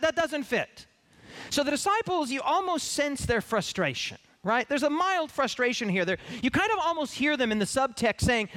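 With a very high voice, this male pastor preaches energetically, firing off rhetorical questions and imitating the people he describes.

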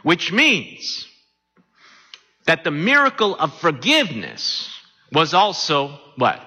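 A man preaching a sermon, animated and often asking his listeners questions. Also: fairly high pitch, slow, slightly rough. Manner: animated, asks the congregation questions. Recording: long hall reverb.

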